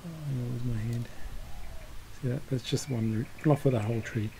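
His voice is warm, creaky, and mid-range, steady in tone and fairly quick, on a rough recording with slight background noise. As host of a bonsai channel, he rambles casually through a hands-on demonstration, revising what he says and chuckling quietly while he works.

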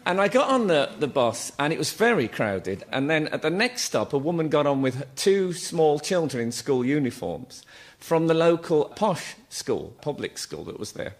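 A man's voice: fairly high pitch, big pitch swings, normal speed, few pauses. A man telling a long anecdote on a comedy panel show in a TV studio, rambling and hesitant, with many ums. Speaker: panel guest.

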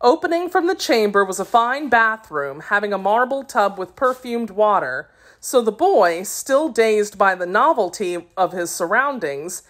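A woman reading a children's classic aloud as an audiobook narrator, with expressive, measured storytelling. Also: medium pitch. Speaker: audiobook reader.

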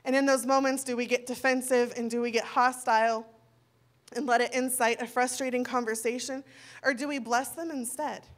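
A woman in her thirties delivers a sermon with a fairly high voice. She keeps it conversational and slips into acted dialogue to make her points, like talking things over with a congregation of friends. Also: steady tone, moderate pace. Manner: conversational, acts out quoted dialogue. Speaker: preacher.

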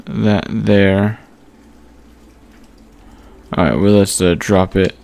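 A man giving casual gameplay commentary, thinking aloud as he sorts through items with frequent pauses and fillers. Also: fairly low pitch, steady tone, creaky, darkish tone. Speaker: gaming channel host.

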